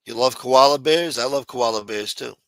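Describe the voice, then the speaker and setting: A man's voice: mid-range voice, normal speed, dry recording. A man hosting a late-night livestream, chatting loosely and profanely while answering viewers in the chat. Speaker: livestream host.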